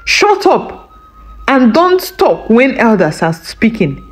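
A woman's voice: mid-range voice, sing-song, measured pace, soft background music. A woman voicing a greedy, scheming village wife who scolds and threatens sharply. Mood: scolding.

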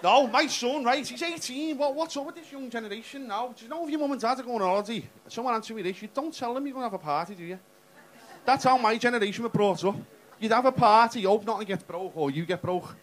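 This English comedian speaks quickly in an extremely high voice, swearing freely and teasing the crowd during a brash club set. Laughter rises from the audience in a noisy live recording.

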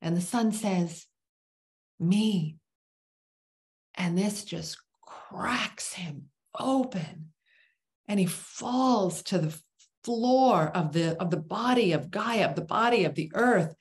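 Slowly recounting a parable, this woman teaching as a spiritual teacher speaks in an expressive mid-range voice. She lets dramatic pauses hang and drops to a whisper for the words that matter most.

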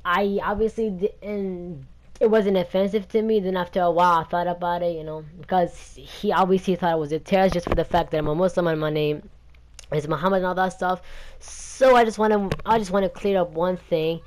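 A man's voice: high-pitched, steady tone, brisk, slight background noise. A young man hosting a gaming channel, talking in a rambling, indignant and defensive rant.

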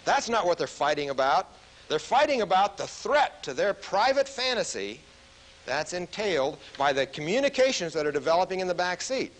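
Lively man lecturing a group. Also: high voice, moderate pace, rough recording. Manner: animated storyteller who asks the audience questions. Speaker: military officer lecturing on stress management.

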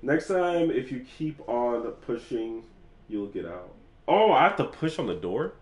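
A man giving excitable let's play commentary for his gaming channel, swearing freely as he plays. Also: medium pitch, a little slow, noisy background.

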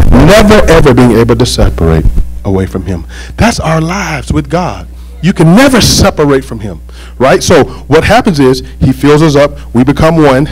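A man preaching a sermon as pastor, animated and joking, with call-and-response asides to the congregation. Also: mid-range voice, slightly rough, rough recording.

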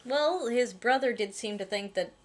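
A young woman co-hosting a casual reaction chat, joking and tossing in quick asides with hesitant fillers. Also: fairly high pitch. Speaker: co-host reviewing episodes.

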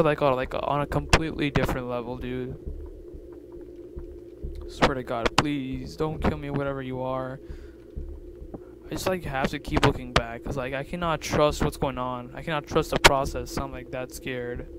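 A young man commentating a game, jittery, swinging from hushed mutters to loud yelps. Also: medium pitch, steady tone, normal speed. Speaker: gaming YouTuber. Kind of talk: let's-play commentary. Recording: loud noise behind voice.

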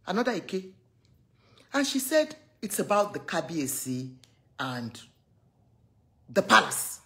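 A woman's voice: on the low side, takes it slowly. A woman with a Nigerian accent chatting casually as a gossip vlogger, telling stories animatedly, acting out the people she quotes and slipping into pidgin and Yoruba phrases. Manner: animated storytelling, acts out quoted voices.

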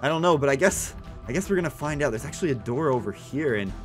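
A young man giving excited, breathless commentary while playing a video game, often repeating himself. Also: mid-range voice, quick pace, soft background music. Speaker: gaming YouTuber.

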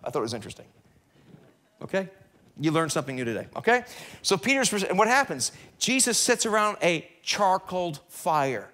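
A middle-aged American man preaching a sermon in a church, animated, swinging between loud bursts and hushed passages. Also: sits high, moderate pace. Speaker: pastor. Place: church sanctuary.

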